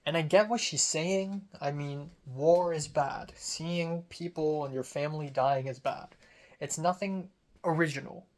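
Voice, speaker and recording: A man's voice: fairly high pitch, unhurried. Rambling young man vlogging his day. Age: young adult. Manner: rambling, with frequent fillers and restarts. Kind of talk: casual diary vlog.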